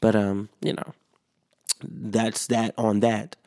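A man's voice: lowish voice, flat delivery, slow pace, gravelly, a little mellow, dry recording, clean studio sound. A man hosting a solo podcast, rambling casually with lots of swearing and fillers, sleepy and a little sick. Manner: rambling, profane, frequent fillers and restarts. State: sleepy, yawning; slightly sick. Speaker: podcast host.

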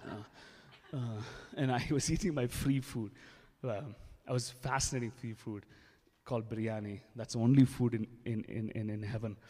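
A man's voice: medium pitch, fairly even intonation, moderate pace, warm tone. A man preaching a sermon with testimony, emphatic and acting out quoted dialogue. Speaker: pastor. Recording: echoey hall with long reverb.

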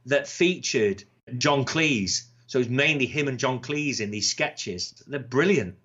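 Man, podcast co-host, casual chat, animated, sweary, lo-fi sound. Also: medium pitch, a little slow, slightly rough. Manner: sweary, animated, slips into impressions. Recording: slightly dull lo-fi sound.

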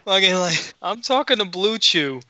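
A man tells a story on a podcast, voicing the people in it and swearing freely. His voice is bright and forceful. The recording is dull and dry. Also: high-pitched, moderate pace, no echo. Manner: animated, profane, acts out dialogue. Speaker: podcast co-host. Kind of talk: casual storytelling.

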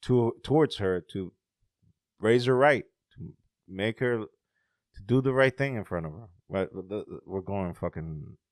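Profane, animated man chatting. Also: fairly low pitch, unhurried, pauses often, no echo, clean studio sound. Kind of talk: casual chat.

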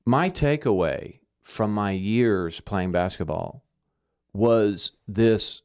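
A man's voice: on the low side, slow pace, a little mellow, smooth. A man from Arkansas giving earnest, emphatic Christian teaching in conversation, often checking in with "okay?".

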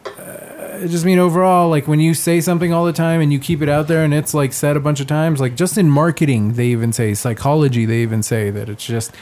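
A man's voice: on the high side, steady tone, fast, a little mellow. A man from the United States hosting a podcast, talking in a rambling, casual way with frequent laughs and restarts. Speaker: podcast host. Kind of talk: casual chat.

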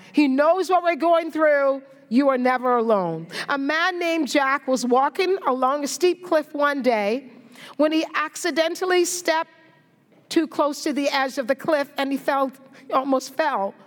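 High-voiced woman preaching slowly. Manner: storytelling, earnest, encouraging. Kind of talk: sermon. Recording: echoey hall reverb.

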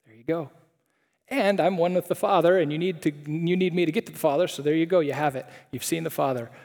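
Jesus, calm and patient, as a man voices him. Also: a little high, fast talker, big-room sound, lightly acted. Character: patient, gently exasperated male teacher, Jesus.

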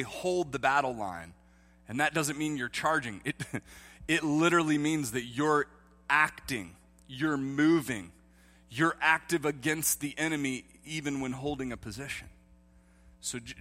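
A man preaching a sermon as pastor, moving from calm teaching to loud impassioned preaching. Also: mid-range voice, long reverb tail. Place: church, streamed online.

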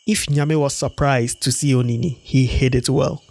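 A man narrating a folktale in a steady storybook read-aloud. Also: medium pitch, normal speed, gravelly, dry recording.

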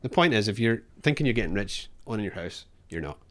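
A man's voice: on the low side, very animated, quick pace, fairly bright tone. A man from Scotland, co-hosting a podcast in casual chat, rambling and self-deprecating, laughing often and swearing. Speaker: podcast co-host.

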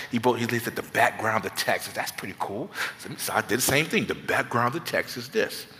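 A man preaching as a guest pastor, his voice swinging widely and sounding bright and forceful. His self-mocking storytelling rings through a church with a long reverb. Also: medium pitch. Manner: animated, self-mocking, conversational. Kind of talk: sermon with comic storytelling. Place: church sanctuary.

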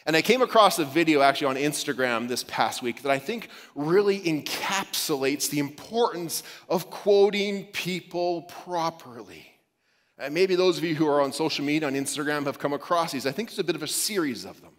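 A man with a fairly high voice preaches to his congregation in an easy, conversational way, joking now and then and restarting his sentences. His words ring out with the long reverb of a large church hall. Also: moderate pace, fairly bright tone. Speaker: pastor. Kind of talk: sermon. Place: church sanctuary.

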